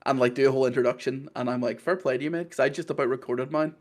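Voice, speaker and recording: Quick-talking Belfast man. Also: mid-range voice, steady tone. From Northern Ireland. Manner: quick, rambling, laughs often. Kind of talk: casual chat.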